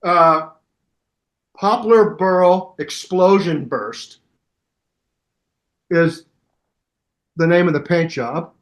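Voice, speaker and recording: An older man chats as an interview guest with a fairly high voice. He tells his stories with a lot of energy, acting out other people's voices and sounds as he goes. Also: drawn-out words, long pauses. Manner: animated storyteller, mimics voices and sounds. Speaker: guest musician. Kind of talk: casual interview chat.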